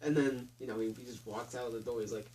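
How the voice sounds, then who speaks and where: A man's voice: mid-range voice, steady tone, quick pace, darkish tone. A man co-hosting a casual movie review chat, giggling often and mocking the film in jokes. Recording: somewhat distant mic with faint noise.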